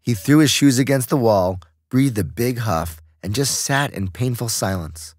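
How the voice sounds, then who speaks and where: Steady and measured, a man narrates an audiobook in a mid-range voice. The clean studio sound has no echo at all.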